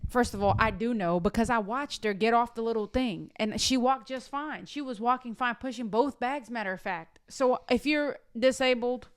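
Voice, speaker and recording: A woman's voice: fairly high pitch, normal speed, hardly any pauses, clean tone, dry recording, studio quality. A woman co-hosting a podcast, telling stories bluntly and sassily and cursing freely in casual chat. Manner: blunt, sassy storyteller who curses freely. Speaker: podcast co-host.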